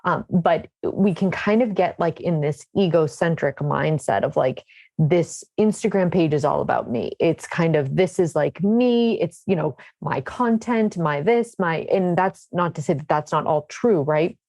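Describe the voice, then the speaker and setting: A woman hosts a podcast and speaks in an encouraging, reflective way. Her voice is low and mellow. It is recorded dry and close. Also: expressive, unhurried, vocal fry, no echo. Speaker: podcast host. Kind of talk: conversational interview.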